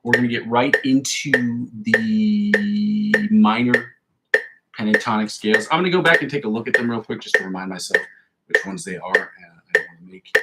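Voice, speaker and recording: A man hosting a guitar practice livestream, calling out scale positions and tempos, then chatting loosely with fillers and the odd swear word. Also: mid-range voice. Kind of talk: casual spoken instruction during practice. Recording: loud background noise with clicks.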